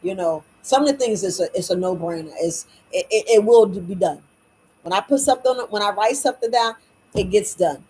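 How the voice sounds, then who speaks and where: A woman's voice: medium pitch, brisk, mellow, breathy edge, rough recording. A middle-aged woman and business owner giving casual, candid advice, often acting out her own inner talk and laughing at herself. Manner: chatty, candid, slips into acted-out self-talk with laughs.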